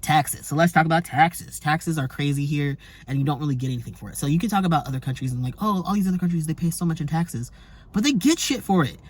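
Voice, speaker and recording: Animated vlogger ranting to camera. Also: mid-range voice, fast. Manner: animated, emphatic, swears, laughs between points. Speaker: travel vlogger. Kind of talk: casual to-camera rant.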